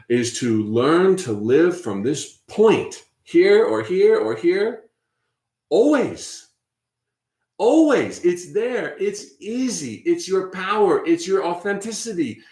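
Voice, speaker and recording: In an echoey room, a man hosts a spiritual talk with a slightly high voice. He is conversational and encouraging, often softly repeating phrases as he guides his listeners.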